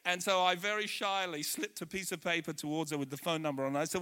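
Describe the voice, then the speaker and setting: A middle-aged man preaching a sermon in church, an animated storyteller who swings from quiet asides to loud, emphatic bursts. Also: fairly high pitch, fast, hardly any pauses, smooth. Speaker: pastor.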